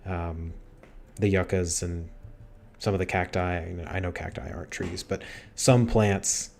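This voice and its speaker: A man's voice: sits low, fairly even intonation, a little slow, gravelly, darkish tone. A man hosting a livestream interview, chatty and self-deprecating with playful asides. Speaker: livestream host. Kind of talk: casual interview chat.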